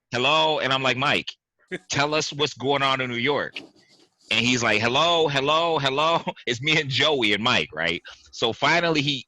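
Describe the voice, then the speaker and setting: A man hosting a casual podcast, telling an animated story, acting out quotes and laughing. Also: medium pitch, no room sound. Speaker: podcast host. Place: home basement.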